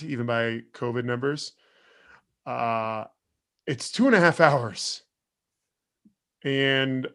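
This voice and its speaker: A man co-hosting a podcast, reviewing a film in a relaxed, halting way with "uh" and "um". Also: mid-range voice. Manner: relaxed, hesitant with "uh" and "um". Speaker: podcast co-host. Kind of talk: casual review chat.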